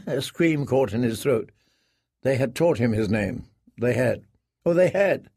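A man reading an audiobook in a measured, grave storytelling manner. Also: mid-range voice, animated, vocal fry, darkish tone, husky, dry recording, clean studio sound. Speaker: narrator. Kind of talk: scripted audiobook narration.

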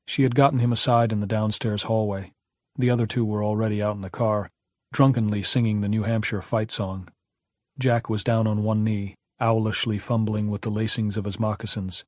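Male audiobook narrator, measured reading, low-ish voice, dry close recording. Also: flat delivery, darkish tone, no room sound. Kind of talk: scripted narration.

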